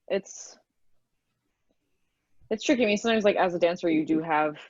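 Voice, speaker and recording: A woman's voice: lowish voice, moderate pace, darkish tone, no echo, highs cut off. A woman who is a dancer and personal trainer, speaking frankly and easily as a podcast guest. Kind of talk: casual podcast interview.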